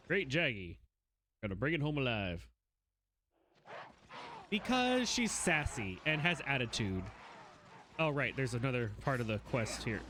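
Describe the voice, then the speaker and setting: A man's voice: mid-range voice, noisy background. A man giving live gameplay commentary, playfully chatting to the monsters he fights. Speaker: game streamer. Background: game music.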